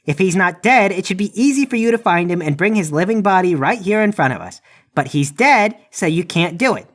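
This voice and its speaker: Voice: mid-range voice, expressive, fairly quick. A player speaking in character in a tabletop game, wisecracking.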